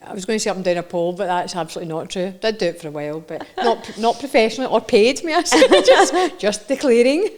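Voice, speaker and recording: A woman's voice: medium pitch, lively intonation, fast talker, few pauses, a little mellow. A young woman with a Scottish accent, co-hosting a podcast in casual, teasing chat and laughing often. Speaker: podcast co-host.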